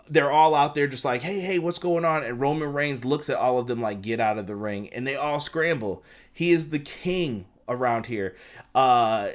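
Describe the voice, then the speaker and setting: A young man reviewing a wrestling show in a casual, slangy way, excited and briefly acting out what the wrestlers said. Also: medium pitch. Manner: excited, slangy, acts out quotes in quick asides. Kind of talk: casual fan review recap.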